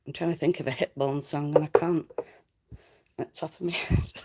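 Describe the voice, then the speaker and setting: A woman's voice: deep voice, steady tone, fairly quick, darkish tone. A young woman, chatting on a live stream, giggling and swearing as she rambles. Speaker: livestreamer. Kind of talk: casual live stream chat.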